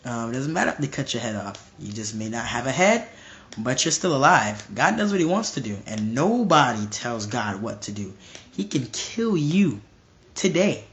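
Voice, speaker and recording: A man's voice: medium pitch, expressive, normal speed, fairly bright tone. A young man preaching informally to a live stream, emphatic and repetitive, often restarting his phrases.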